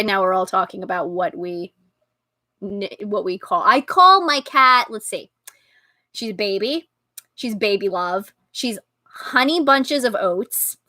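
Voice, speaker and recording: A woman hosting a casual live-stream chat, talking loudly and laughing often. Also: medium pitch, dry recording. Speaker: podcast host.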